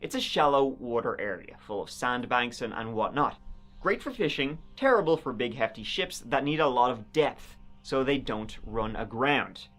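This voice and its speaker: A man's voice: mid-range voice, animated, normal speed, fairly bright tone, soft background music. A man narrating history in a casual, conversational storytelling style with wry, sardonic asides.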